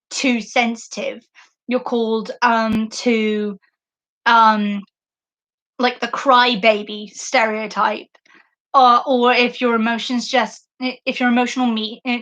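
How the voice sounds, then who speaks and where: Slow-talking, emotional woman podcaster. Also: a little high, a bit bright. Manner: effusive and emotional, with frequent laughs and fillers. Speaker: podcast host. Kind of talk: casual livestream book discussion.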